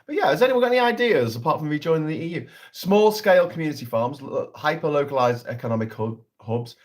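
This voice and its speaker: A man's voice: on the high side, big pitch swings, fast talker. A man hosting a casual political livestream, talking in a sarcastic, sweary, rambling way.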